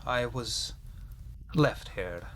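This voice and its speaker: A man's voice: mid-range voice, slight background noise. A man doing a grandiose vampire flesh-shaper. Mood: menacing calm. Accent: put-on Eastern European accent. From Europe. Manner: slow, deliberate, solemn pronouncements. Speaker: game master. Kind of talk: tabletop role-play voicing.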